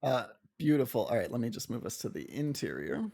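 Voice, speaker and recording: A game master describing a scene in a tabletop game, with frequent pauses and restarts. The voice sits in a middle register and is recorded close on a desk microphone. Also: mid-range voice, very animated, creaky, warm tone. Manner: hesitant, lots of fillers and restarts.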